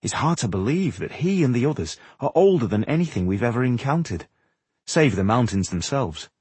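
A man voicing a friendly, caring young woman blacksmith in a storybook reading, speaking gently. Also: medium pitch, sing-song, fairly quick, slightly rough, dry recording. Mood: sad.

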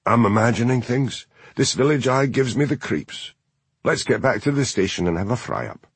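A man voicing a laconic, wry village policeman with a dry, unhurried delivery. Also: medium pitch, animated, slightly rough, no room sound.

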